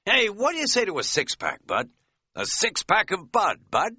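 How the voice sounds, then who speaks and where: A man voicing a boisterous, half-drunk middle-aged hiking buddy who talks loudly, jokes and dodges questions. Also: medium pitch, wildly swooping pitch, normal speed, no echo, studio quality, pitched above the performer's own voice, heavily acted. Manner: loud, jokey, evasive.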